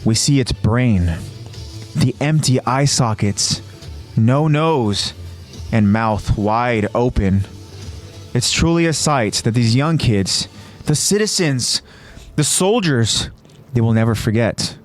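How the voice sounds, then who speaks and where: A man hosting a podcast, narrating an episode recap in a casual tone and jumping into quoted lines with a raised, shouting voice. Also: medium pitch, lively intonation, slow pace, faint music behind.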